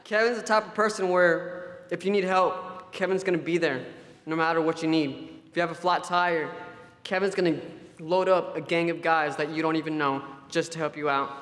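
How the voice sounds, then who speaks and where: A man's voice: fairly high pitch, steady tone, normal speed, fairly bright tone. Man preaching in a reverberant hall. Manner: storytelling, affectionate, conversational. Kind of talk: sermon at a church camp.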